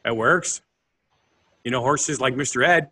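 A man co-hosting a comedy podcast, playful and quick with jokey asides, sometimes stammering as he starts. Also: mid-range voice, bright, forceful tone, slightly rough. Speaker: podcast co-host. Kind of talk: casual comedic chat.

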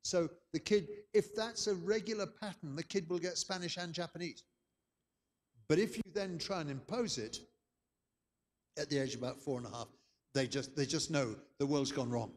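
Older man, keynote speaker, rambling anecdotes, slightly high voice, echoey hall. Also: moderate pace. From England. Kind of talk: conference lecture.

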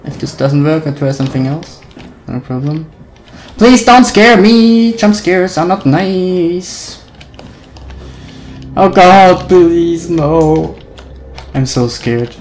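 Slow, jittery horror gamer talking to self. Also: medium pitch, faint music behind, low-quality recording. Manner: nervous, talks to self, hums la-la to calm down. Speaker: gaming video creator. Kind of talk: horror game let's play commentary.

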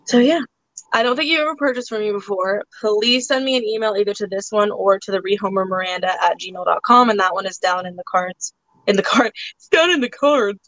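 A woman's voice: medium pitch, a little fast, fairly bright tone, no room sound, muffled recording. A woman hosting a casual live-stream auction, chatting loosely with lots of filler words as she shows items.

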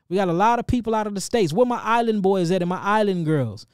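A middle-aged man with a St. Louis accent hosts a casual livestream, giving animated, preachy shout-outs and calling his listeners family. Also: high-pitched, fast, hardly any pauses, clean tone, dry recording, clean studio sound. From St. Louis, Missouri. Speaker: livestream host and healer.

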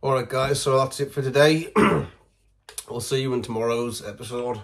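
Throat-clearing man tasting food. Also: medium pitch, normal speed. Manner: keeps clearing his throat; relaxed, chatty and self-mocking. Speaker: food vlogger. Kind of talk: casual taste-test commentary.

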